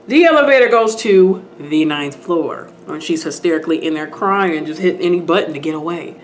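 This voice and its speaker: A woman vlogger retelling a TV episode to her viewers in a casual, animated way while doing her makeup. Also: mid-range voice, fast, hardly any pauses, slight background noise. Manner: animated, talks to viewers, acts out scenes.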